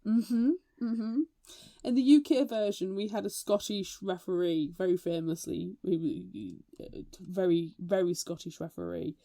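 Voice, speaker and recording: A woman co-hosting a casual book podcast, telling lively anecdotes, swearing freely and mimicking voices. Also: mid-range voice, measured pace, no echo, studio quality. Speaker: podcast co-host.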